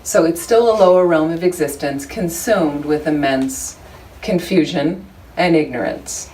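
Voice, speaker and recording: A woman's voice: low-pitched, measured pace, mellow. A woman teaching a Buddhist study group in a chatty, humorous, conversational way, with many asides to her listeners. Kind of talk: informal dharma teaching. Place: room with a small group of listeners. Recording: distant room recording, faint background noise.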